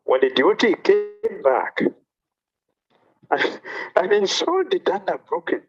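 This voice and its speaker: Animated male monk telling a sermon story. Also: sits high, slow pace, highs cut off. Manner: animated, repeats phrases. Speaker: monk giving a talk.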